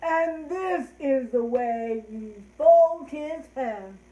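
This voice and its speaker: Woman playing a loud old grandpa, slow and deliberate, echoey room. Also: high voice. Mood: booming. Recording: roomy echo.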